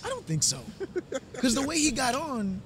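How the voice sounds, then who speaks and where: A man's voice: very high voice, huge pitch swings, normal speed, fairly bright tone, a little hiss or hum. A man, co-hosting a podcast and telling a long, profane story with many restarts. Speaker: podcast co-host. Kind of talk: casual storytelling chat.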